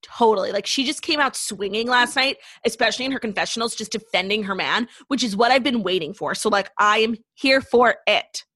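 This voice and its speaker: A woman's voice: fairly high pitch, pushed and bright, no echo, studio quality. A young woman co-hosting a podcast, chatting casually and gushing with a profane edge. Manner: gushing, profane, fast recaps of reality TV. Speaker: podcast co-host. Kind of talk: casual chat.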